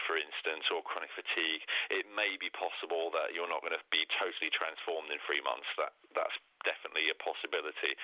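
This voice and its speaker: A man with a low voice speaks in a measured, earnest way as host of a casual podcast chat. His voice comes through a thin, tinny phone line with a dry, close sound. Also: dry recording.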